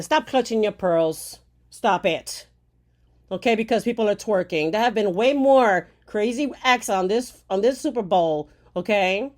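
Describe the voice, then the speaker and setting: Furious Puerto Rican woman ranting. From Puerto Rico. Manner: heated, profane, fires rhetorical questions with "okay?" tags; shifts from loud outbursts to low, quiet bitterness. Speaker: commentator. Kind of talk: angry rant to camera.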